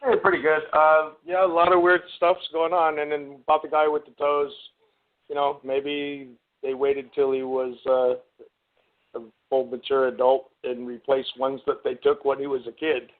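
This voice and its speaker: Male caller, mid-pitched, hesitant and earnest, phone-line audio. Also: little pitch movement, a little slow. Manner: earnest, hesitant, full of restarts. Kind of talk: casual call-in radio chat.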